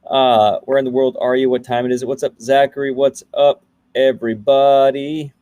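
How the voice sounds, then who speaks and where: A man's voice: mid-range voice, level tone, normal speed, dark tone. Chatty man hosting a coding livestream. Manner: greets viewers by name, loose and chatty. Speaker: livestream host, coding coach. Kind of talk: casual livestream chat.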